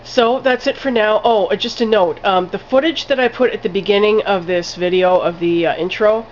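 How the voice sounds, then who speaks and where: A woman's voice: medium pitch, moderate pace, highs cut off, slight background noise. A woman giving a casual spoken film review, rambling with lots of "like" fillers and casual swearing.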